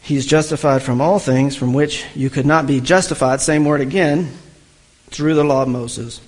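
A man's voice: a little high, normal speed, a little mellow, rough recording. A male preacher teaching through a scripture passage, reading verses aloud and then asking his listeners questions he answers himself. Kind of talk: expository sermon teaching.

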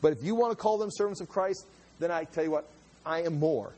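Man, middle-aged pastor, fairly high husky voice, chatty sermon, rhetorical questions. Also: quick pace, mellow, rough recording. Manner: conversational preaching with asides and rhetorical questions.

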